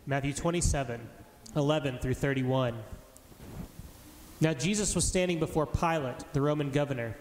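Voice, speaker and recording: A man giving a formal, measured reading of scripture aloud. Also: a little high. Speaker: scripture reader. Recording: echoey hall with faint noise.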